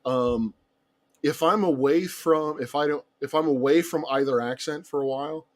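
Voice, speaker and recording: A man's voice: fairly high pitch, moderate pace. A man, a guest in casual chat, easygoing and chuckling. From United States.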